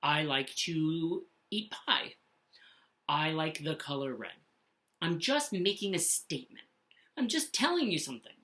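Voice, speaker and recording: A woman teaching punctuation to young children in a slow, sing-song voice, often checking in with "okay?". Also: low voice, a bit bright. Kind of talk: classroom lesson for children.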